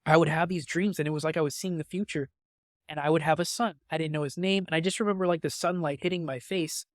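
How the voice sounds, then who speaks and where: A young man, emotional and openly moved, recounts something personal on a podcast, stumbling through restarts and filler words. His slightly high voice stays fairly even in intonation, captured close and dry with no echo or room sound.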